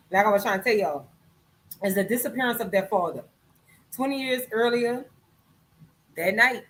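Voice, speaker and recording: A woman's voice: mid-range voice, slight background noise, low-quality recording. A woman from Louisiana, hosting a live stream and chatting loosely to viewers about a book she likes, swearing freely. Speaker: podcast host. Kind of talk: casual live-stream chat, book recommendation.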